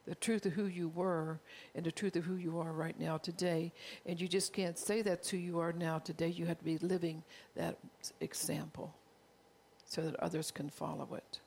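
A pastor preaching a heartfelt sermon, with a gravelly, creaky edge running through the voice. The delivery is earnest and confessional, with frequent call-outs to the congregation. The pitch sits in a middle range. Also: little pitch movement, normal speed, a little mellow, a little hiss or hum.

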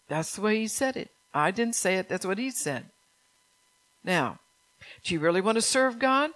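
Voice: mid-range voice, lively intonation, normal speed, a bit bright. A pastor preaching a stern, urgent sermon, repeating phrases and firing rhetorical questions at the congregation.

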